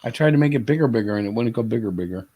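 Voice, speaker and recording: A man's voice: mid-range voice, expressive, rapid-fire, mellow. A man hosting a live stream, chatting casually over a video call and chuckling often. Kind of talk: casual chat.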